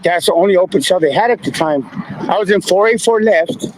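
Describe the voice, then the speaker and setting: A man's voice: high-pitched, fairly quick, darkish tone, slight background noise, poor audio. A man in his fifties casually telling stories from his past, using laid-back street slang and laughing now and then. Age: 50s. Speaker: guest. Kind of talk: casual storytelling.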